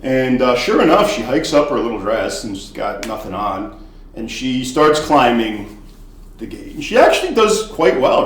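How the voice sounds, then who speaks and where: Animated male storyteller, lively profane delivery, roomy echo; casual comic podcast tale. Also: mid-range voice. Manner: animated, profane, swings between loud and hushed. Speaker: podcast storyteller, former bartender. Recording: echoey room.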